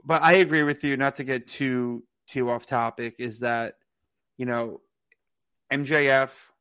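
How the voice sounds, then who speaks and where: A man co-hosting a casual podcast, his voice sitting at an ordinary middle pitch. He talks in a loose, rambling way, circling his point with frequent fillers and restarts. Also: fairly even intonation, measured pace, a bit bright, clean tone. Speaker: podcast co-host. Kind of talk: casual wrestling podcast chat.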